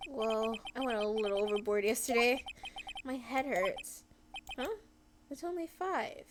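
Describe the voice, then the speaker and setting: A woman's voice: a little high, measured pace, noisy background, lightly acted. Phoenix Wright, read by a woman. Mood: earnest. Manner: reading game dialogue aloud, mild and earnest. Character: young male defense lawyer, earnest and flustered.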